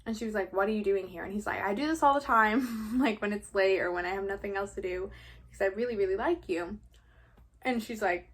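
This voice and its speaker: A woman's voice: medium pitch, fairly even intonation, fast talker, slightly rough. A young woman in her late teens from New York, casually retelling a story for her vlog in a chatty, gossipy way with playful swearing. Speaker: vlogger. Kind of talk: casual story recap during a mukbang.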